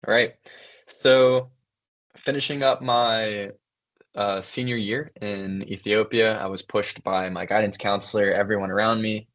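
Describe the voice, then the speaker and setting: A young man co-hosting a podcast, telling stories in an easy, thoughtful way with frequent pauses and fillers. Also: fairly low pitch, steady tone, fairly bright tone, lo-fi sound. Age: young adult. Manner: thoughtful, storytelling, many fillers. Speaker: podcast co-host, son. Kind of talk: casual conversation.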